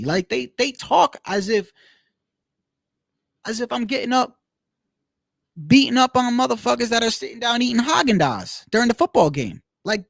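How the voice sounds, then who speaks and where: A man's voice: very high-pitched, creaky, fairly bright tone, no echo, clean studio sound. A man giving casual, heated commentary, profane and repeating himself as he rants. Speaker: boxing commentary streamer.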